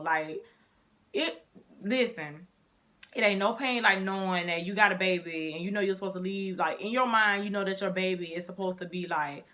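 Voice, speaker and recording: A young woman vlogger telling her story in a casual, animated way, talking straight to her viewers. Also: mid-range voice, normal speed.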